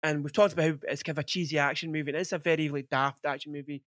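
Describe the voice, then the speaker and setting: Guy in his 40s rambling on a podcast, kinda high voice, dry close sound. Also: fairly even intonation, rapid-fire, a bit bright, dry recording. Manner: rambling, heavy on filler words. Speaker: podcast host. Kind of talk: casual film chat.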